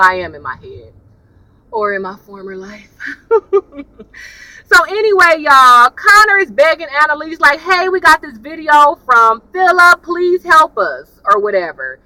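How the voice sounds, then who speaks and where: A woman with a high voice rambling casually through a TV episode review while driving in her car, often saying "y'all". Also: a little hiss or hum, rough recording. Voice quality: high voice, especially when excited. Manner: chatty and rambling, laughs often, says "y'all".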